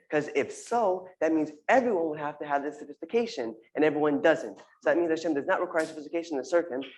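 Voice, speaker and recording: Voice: medium pitch, rough recording. A speaker giving an earnest, informal sermon talk to a congregation, repeating phrases and using Hebrew terms. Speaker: congregation member giving a drash.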